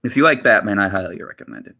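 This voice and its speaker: A man's voice: on the low side, animated, racing, sharp tone. A man chatting casually on his livestream, rambling and repeating himself with lots of filler words. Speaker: streamer.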